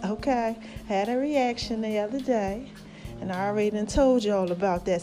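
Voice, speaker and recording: Woman podcast host, high-pitched but mellow, folksy and affectionate, slightly winded and throaty, faint music underneath. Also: expressive, normal speed. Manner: folksy, affectionate, calls listeners baby and y'all. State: slightly out of breath, swollen throat. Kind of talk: casual motivational chat.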